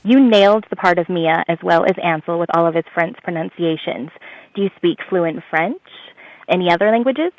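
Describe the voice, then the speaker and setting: Lower-voiced woman author asking questions. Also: normal speed, dry recording, muffled recording. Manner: friendly, reads prepared questions. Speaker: author and co-interviewer. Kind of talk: scripted interview questions.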